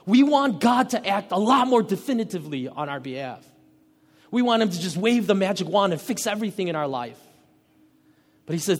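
A man preaching a sermon as pastor, emphatic, rising to loud peaks and dropping to soft, low phrases. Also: very animated, brisk, in a large hall.

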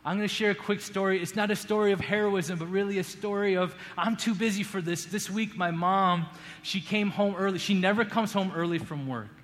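Earnest pastor, slightly high voice, reverberant sanctuary. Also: male voice, fairly quick. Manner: earnest, swings from raised emphasis to hushed appeals. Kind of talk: sermon. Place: church sanctuary. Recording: long hall reverb, faint room ambience.

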